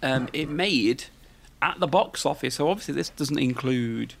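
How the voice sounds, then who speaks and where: A man chats loosely as a podcast host. His voice has a gravelly, fry-tinged texture at a middling pitch. He rambles along with plenty of fillers and little asides. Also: normal speed, a bit bright. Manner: rambling, chatty, lots of fillers and tag questions. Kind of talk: casual chat.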